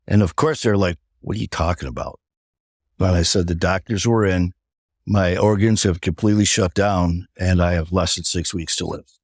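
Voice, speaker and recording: A man's voice: low voice, steady tone, moderate pace, a little mellow, dry recording, studio quality. A man, a podcast guest, telling a personal recovery story and acting out the dialogue of the people in it.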